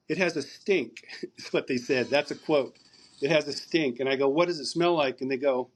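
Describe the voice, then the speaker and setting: A podcast guest on a remote call tells a long story, rambling and repeating words as he recounts conversations. His voice is fairly high in pitch.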